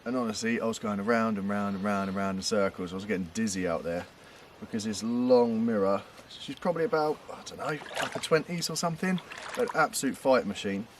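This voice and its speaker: Excited man filming a night catch outdoors. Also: fairly low pitch, fairly quick, far from the mic, a little hiss or hum. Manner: excited, jokey, talks to the fish. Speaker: angler. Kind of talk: casual vlog narration.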